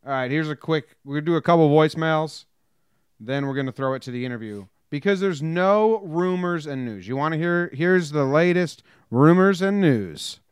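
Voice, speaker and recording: A man co-hosting a casual sports podcast, joking and quick as he reads listener messages. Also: fairly high pitch, animated, clear, resonant tone, dry recording, studio quality. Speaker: podcast co-host.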